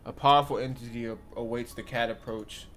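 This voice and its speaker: A man voicing a mysterious, prophetic visitor who speaks in hushed, solemn pronouncements. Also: medium pitch, fairly even intonation, a little fast, a little hiss or hum, natural voice.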